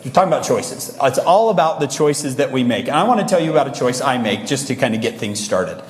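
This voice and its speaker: Male motivational speaker, lively storyteller with audience asides, long hall reverb. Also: medium pitch, fast talker. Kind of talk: motivational talk to a young audience. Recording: echoey large hall.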